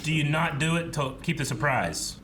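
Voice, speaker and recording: A man's voice: fairly high pitch, normal speed, a bit bright, a little hiss or hum. A man co-hosting a reaction show, chatting casually and making dry, joking asides. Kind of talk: casual chat.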